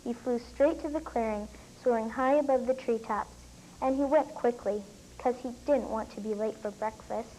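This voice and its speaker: A young girl reading her own story aloud, with lifted pitch on the quoted lines. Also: normal speed, warm tone, slight background noise, poor audio.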